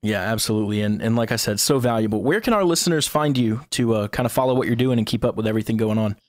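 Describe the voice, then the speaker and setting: A man's voice: on the low side, fast talker. A man hosting a podcast, easygoing and laughing along with his guest as he wraps up the interview. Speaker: podcast host. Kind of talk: casual interview.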